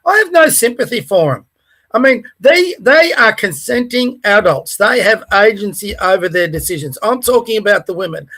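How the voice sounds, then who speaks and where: Blunt, high-voiced Australian man ranting. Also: expressive, normal speed, sharp tone. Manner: blunt, angry, profane. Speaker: podcast co-host. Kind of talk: heated casual chat.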